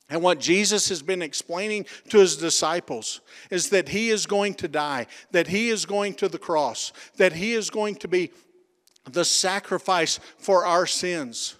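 A male pastor preaching a sermon, leading the congregation in call-and-response and dropping to soft, dramatic tones. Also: a little high. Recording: long reverb of a large hall.

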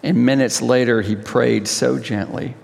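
A male pastor leading communion with an impassioned sermon, swelling to high cries and dropping to hushed tones. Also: steady tone, measured pace, vocal fry, big-room sound.

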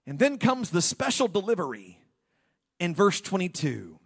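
A man's voice: sits high, huge pitch swings, measured pace, husky. A male pastor preaching a humorous sermon in a church, with playful joking asides to the congregation.

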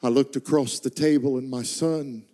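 A middle-aged pastor telling a personal story in a sermon, moving between quiet, slowed narration and rising, impassioned intensity. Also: male voice, fairly even intonation. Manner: builds from hushed, slow narration to impassioned, high-pitched intensity.

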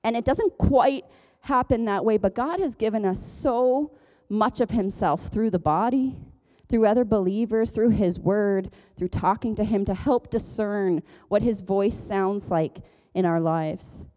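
With a dark-toned, medium-pitched voice and a measured pace, a pastor from Ontario, Canada, gives a chatty sermon full of self-deprecating jokes and frequent laughter.

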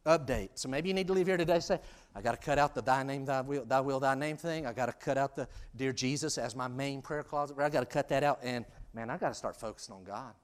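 A man preaching a sermon in a conversational, self-deprecating way, dropping to hushed asides and rising to loud, emphatic peaks. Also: mid-range voice, fast. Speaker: pastor.

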